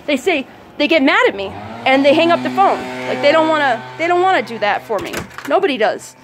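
A woman's voice: sits high, sing-song, fairly quick, music in the background. A woman recording a candid video diary outdoors, talking in a rambling, blunt way with lots of fillers and swearing. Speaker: video diarist.

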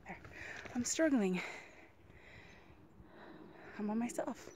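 A woman's voice: fairly high pitch, expressive, noisy background. Breathless woman vlogging on a mountain trail. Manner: slow, heartfelt, often drops to a hushed whisper. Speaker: hiker vlogging alone. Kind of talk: reflective outdoor vlog.

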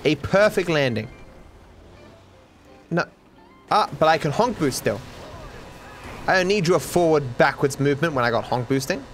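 A young man from Australia giving excitable, animated gameplay commentary, with frequent swearing. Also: on the high side, normal speed, long pauses, faint music behind. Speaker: gaming streamer.

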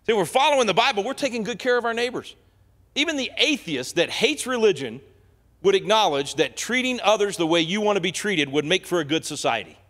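A man preaches with fire from the pulpit, his voice high and lively as it leaps up and down. He drops to quiet asides, then rises to bright, forceful declarations. A long reverb trails each phrase through the church. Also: a little fast. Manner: impassioned, swings from soft asides to loud declarations. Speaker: guest speaker. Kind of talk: fiery sermon. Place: church sanctuary.

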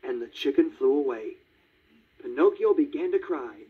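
A man narrating a read-along children's storybook in a lively, child-friendly way. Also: a little high, normal speed, breathy edge. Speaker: storybook reader. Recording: tinny 1950s vinyl record.

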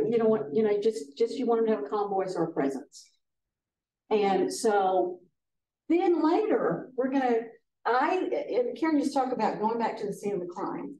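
A woman's voice: medium pitch, warm tone, recorded from a distance, a little hiss or hum. Older woman, echoey room. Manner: folksy, acts out quotes with voices. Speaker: trainer presenting to foster care advocates. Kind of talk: casual workshop talk.

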